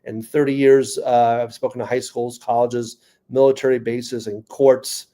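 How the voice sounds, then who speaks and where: Fifties New York comic turned speaker, mellow warm tone, wry and earnest on stage. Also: male voice, medium pitch, flat delivery, unhurried. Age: 50s. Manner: joking, then earnest and personal. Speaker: comedian and motivational speaker. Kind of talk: stand-up comedy talk at a conference.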